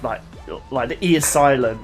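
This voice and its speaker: A man's voice: mid-range voice, normal speed, faint music behind. A man co-hosting a casual podcast, rambling and correcting himself as he talks. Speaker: podcast co-host. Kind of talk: casual chat.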